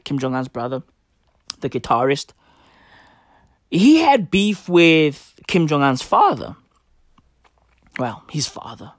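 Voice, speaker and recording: A woman's voice: low voice, no room sound, clean studio sound. A woman doing a rambling, profane comic monologue in a slangy dude persona.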